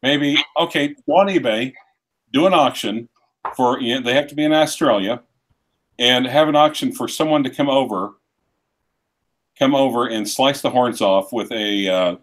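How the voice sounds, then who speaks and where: A man's voice: mid-range voice, normal speed, fairly bright tone. A man hosting a casual live stream chat, rambling and restarting his sentences while reading viewer comments.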